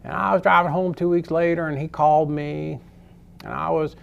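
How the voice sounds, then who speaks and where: A man recounting the words of a plain-talking old Southern man in a slow, matter-of-fact way. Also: fairly high pitch, steady tone, creaky, smooth, dull audio.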